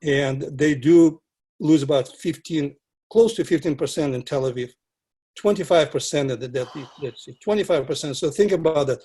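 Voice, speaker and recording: A man who is a non-native English speaker, chatting casually about whisky in a halting way with many restarts. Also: fairly high pitch, dark tone, breathy edge. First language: not English. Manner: halting, with frequent restarts and filler. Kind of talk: casual conversation.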